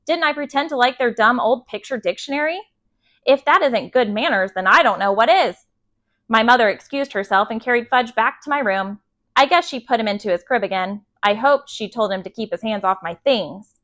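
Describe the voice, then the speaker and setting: A woman storyteller reading a children's chapter book aloud at bedtime, steady and gentle. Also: a little high.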